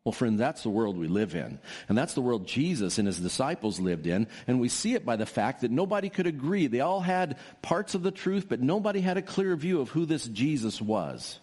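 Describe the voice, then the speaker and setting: A man preaching a sermon as pastor, stressing key words emphatically and slowing down on them. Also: sing-song, a little mellow, slightly rough. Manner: emphatic preaching with sweeping pitch swings and drawn-out stresses.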